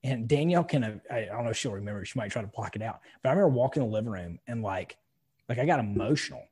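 A man's voice: mid-range voice, expressive, rapid-fire, a little mellow, breathy edge. A middle-aged man who owns an insurance office, talking casually on a podcast and swearing freely as he tells stories. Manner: emphatic storytelling with frequent profanity. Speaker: podcast host, insurance agency owner.

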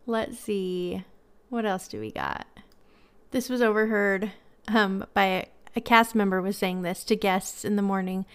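Woman hosting a podcast, laughs a lot while reading stories, smooth voice. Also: mid-range voice, slow pace, pauses often. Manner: giggly, reads stories aloud with frequent laughs. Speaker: podcast host. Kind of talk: casual podcast chat reading listener stories.

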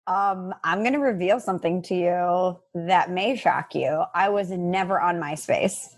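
A woman in her thirties from the US Midwest, co-hosting a podcast and telling a story in a casual, animated way. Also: on the low side, a little slow. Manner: lively storyteller, acts out quotes. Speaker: podcast co-host.

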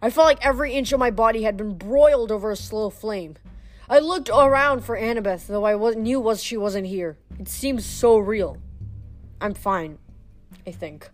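Woman reading a novel aloud, fairly high voice, small slips, faint music behind. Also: a little fast. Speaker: reader.

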